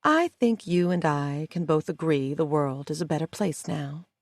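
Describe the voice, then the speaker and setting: Casting: woman reading a smug audiobook villainess with a slow, low, quietly mocking drawl, dry close mic. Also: expressive, dry recording. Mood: cold. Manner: slow, soft, mocking delivery. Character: cool, scheming woman, smug and taunting. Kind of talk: audiobook character voice.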